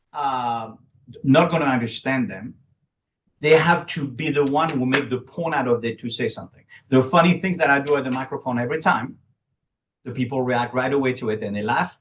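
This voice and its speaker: A man with a French accent, speaking French as his first language, talks as a guest in an interview. He uses broken English grammar, chuckles often and restarts his sentences. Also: medium pitch. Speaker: guest, public speaking coach. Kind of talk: casual interview talk. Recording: dull lo-fi recording.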